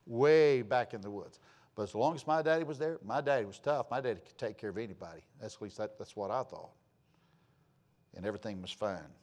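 A middle-aged man preaching a sermon, telling stories and swinging from loud to hushed. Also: mid-range voice. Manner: folksy, animated storytelling with sudden loud and soft swings. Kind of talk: sermon with storytelling.

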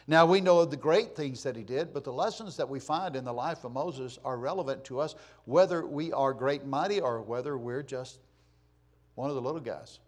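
A man preaching a sermon, reading scripture loudly and with emphasis, then dropping to quiet, plainspoken asides. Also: mid-range voice, moderate pace.

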